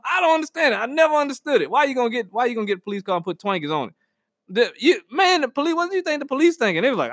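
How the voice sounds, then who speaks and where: A high-voiced man hosts a podcast in a loose, comedic monologue. He slips into acted-out quotes and laughter. The recording is bone-dry, with no room sound. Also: no echo. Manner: animated, slangy, acts out quotes with laughter. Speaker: podcast host.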